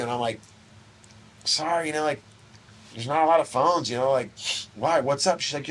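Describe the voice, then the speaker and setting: Animated storytelling man, casual punk-scene talk. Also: mid-range voice, normal speed, long pauses, slight background noise. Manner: animated anecdotes, acts out quoted voices, swears casually. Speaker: interview guest.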